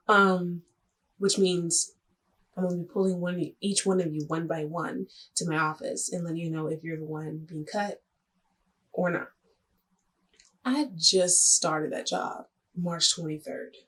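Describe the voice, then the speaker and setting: Husky young woman telling a story. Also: lowish voice, fairly even intonation, fairly bright tone. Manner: chatty, dramatic, jokey, quick asides. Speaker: vlogger. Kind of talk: casual storytelling to camera.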